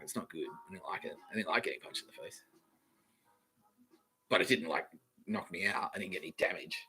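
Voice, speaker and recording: A man's voice: fairly low pitch, sharp tone, rough recording. A man from Australia, hosting a podcast, telling a rambling story in a casual, profane way, laughing often and acting out the people he quotes. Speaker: podcast host.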